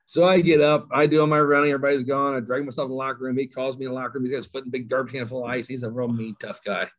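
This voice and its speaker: A middle-aged man spins a rowdy yarn about his coaching days, and he often pokes fun at himself. His voice sits at an ordinary pitch. The recording sounds a little dull and lo-fi. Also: very fast. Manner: animated, self-mocking storyteller. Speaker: high school football coach. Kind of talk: storytelling in an interview.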